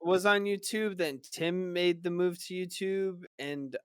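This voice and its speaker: Man, podcast co-host, high pitch, smooth clear voice, dry close sound, rambling. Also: a little slow, fairly bright tone, no room sound. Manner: rambling, sweary, acts out coworkers. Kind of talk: casual chat.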